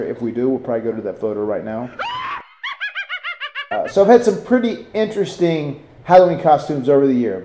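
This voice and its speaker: A man in his forties from North Carolina, a wrestler hosting his own video segment, telling stories and hyping an event with an energetic, restarting delivery. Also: mid-range voice. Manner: energetic, hype-building promo delivery with frequent restarts. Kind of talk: casual promotional monologue and storytelling.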